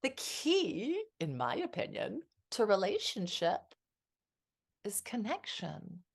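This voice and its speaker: In a candid podcast interview, a woman in her fifties, a marriage and family therapist, reflects with real feeling. Her husky mid-range voice swoops wildly in pitch, and she speaks slowly.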